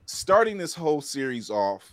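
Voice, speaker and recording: A man's voice: mid-range voice, very animated, moderate pace, no echo. A man co-hosting a casual pop-culture podcast, his voice rising and falling with lots of animation. He laughs often and acts out the lines he quotes. The sound is dry and close. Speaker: podcast co-host. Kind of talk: casual review chat.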